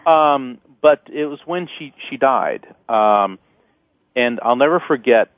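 A man, a lawyer and psychic author guesting on an interview show, telling family anecdotes in a lively way and chuckling often. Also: medium pitch, slow, no room sound. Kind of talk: storytelling interview talk. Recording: tinny phone-like, dry sound.

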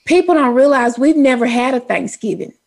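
Husky Texas woman, folksy. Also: high-pitched, expressive, a little fast. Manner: folksy, storytelling. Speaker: co-host. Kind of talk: casual chat.

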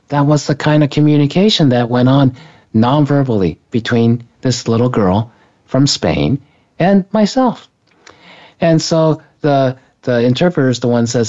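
Speaking at a medium pitch with a mellow quality, a man recounts something from his own life in an interview. His storytelling is conversational and wandering, full of false starts and self-corrections, captured on a dull lo-fi recording.

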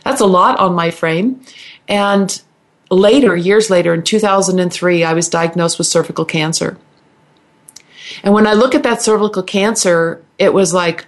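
Speaking in a fairly low pitch, a middle-aged guest healer relates her personal story during a radio interview. Her delivery is sincere yet hesitant, with false starts and repeated words.

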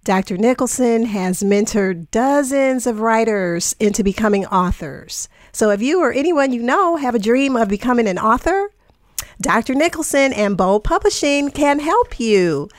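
A woman's voice: on the high side, lively intonation, normal speed, no echo. A woman hosting a podcast in a studio, introducing her guests with enthusiasm and chatting casually. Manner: enthusiastic, effusive. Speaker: podcast host. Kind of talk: upbeat show introduction and casual chat.

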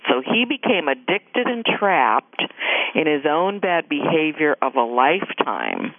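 A middle-aged woman, a guest author and caregiver, telling her story in a radio interview with emphatic, animated delivery and acted-out quotes. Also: low voice, dry recording. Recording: dry tinny phone line.

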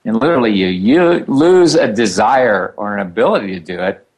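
A man co-hosting a casual talk show, giving matter-of-fact, deadpan advice. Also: fairly low pitch, normal speed. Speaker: co-host.

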